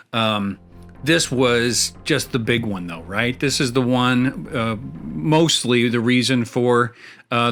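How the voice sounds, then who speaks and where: A man's voice: medium pitch, a bit bright. A man hosting a casual show, chatting and rambling through fillers and small chuckles as he plays a video game. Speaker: host. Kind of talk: casual chat while playing a video game.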